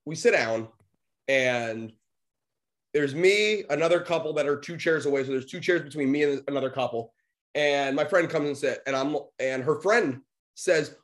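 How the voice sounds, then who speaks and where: A young man co-hosting a podcast, telling a story in a casual, animated way, swearing freely and acting out the voices of the people he quotes. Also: on the high side, normal speed. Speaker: podcast co-host.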